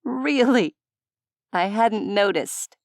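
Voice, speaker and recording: Woman doing a huffy teasing young mom, higher voice, quick bursts, clean dry read. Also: lively intonation, no echo. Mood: exasperated. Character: young woman, a mother, exasperated but wry.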